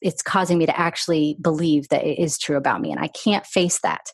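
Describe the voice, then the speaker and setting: A woman's voice: low voice, expressive, a little fast, slightly rough, dry recording. A middle-aged woman, a guest author on an interview, telling her own story in an earnest, candid way. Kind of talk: conversational storytelling.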